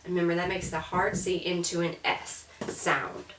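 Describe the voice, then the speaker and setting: A woman's voice: on the low side, normal speed, few pauses, a bit bright, recorded from a distance. Woman teaching French in an echoey room. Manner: chatty, repeats words to model pronunciation. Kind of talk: classroom lecture.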